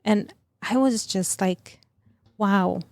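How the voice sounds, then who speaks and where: A middle-aged woman telling of a personal loss as a podcast guest, in a halting, emotional way full of fillers and restarts. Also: medium pitch, vocal fry, no room sound. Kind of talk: personal testimony in an interview.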